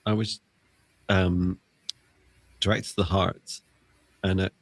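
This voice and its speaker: A man's voice: sits low, level tone, slow pace, gravelly, no echo. A man co-hosting a live spiritual stream, talking casually in a rambling way with lots of fillers and restarts, over a video call. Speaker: psychic mentor and co-host.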